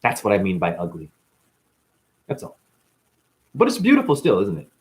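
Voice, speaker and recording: A man's voice: lowish voice, huge pitch swings, normal speed. A man in chronic pain, giving a blunt, profane, rambling unscripted monologue on a live stream.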